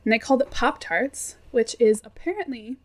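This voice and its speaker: A woman's voice: fairly high pitch, animated, normal speed, darkish tone. A young woman co-hosting a casual podcast chat, reading out facts with giggly asides. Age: young adult. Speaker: podcast co-host presenting research.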